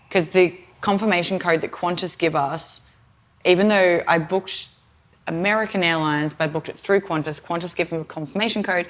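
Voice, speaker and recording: An Australian woman co-hosting a podcast, telling a story in a chatty, rambling way with lots of "like". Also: lowish voice. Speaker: podcast co-host. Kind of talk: casual chat.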